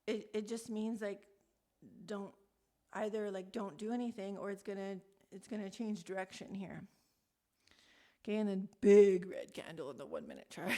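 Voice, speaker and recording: A woman's voice: mid-range voice, lively intonation, measured pace, dark tone. A woman coaching crypto trading in a chatty, rambling walkthrough full of fillers.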